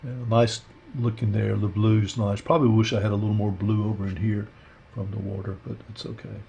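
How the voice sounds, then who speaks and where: Male art instructor, gravelly and low-pitched, easygoing think-aloud demo delivery. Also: fairly quick, highs cut off, a little hiss or hum. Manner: relaxed, rambling, thinks aloud with fillers. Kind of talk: casual painting demonstration.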